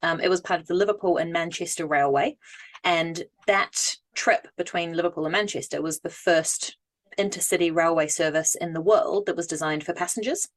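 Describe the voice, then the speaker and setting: Woman, lower voice, podcast co-host, casual fact reading, hesitant fillers. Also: moderate pace. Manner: reads researched facts with hesitant fillers.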